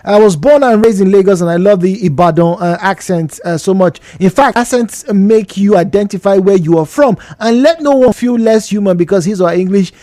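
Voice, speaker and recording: A man's voice: high-pitched, brisk, few pauses, warm tone, no echo. A man with a Nigerian accent, a radio co-host chatting and interjecting in a talk show discussion.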